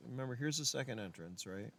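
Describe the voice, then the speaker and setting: A man runs a tabletop game in a loose, chatty way, swearing freely as he guides his players. His voice sits at an ordinary middle pitch. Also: animated, quick pace, pushed and bright. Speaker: game master.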